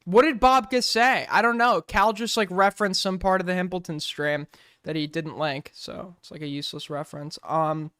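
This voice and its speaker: A man's voice: sits high, steady tone, moderate pace, pushed and bright, clean tone, no echo, studio quality. A man hosting a casual commentary stream, blunt and exasperated, swearing freely. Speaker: streamer host.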